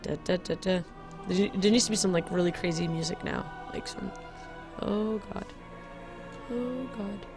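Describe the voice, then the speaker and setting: Woman, game video host, casual commentary, chatty, giggly, self-correcting, soft background music. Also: mid-range voice, moderate pace, gravelly, pauses often.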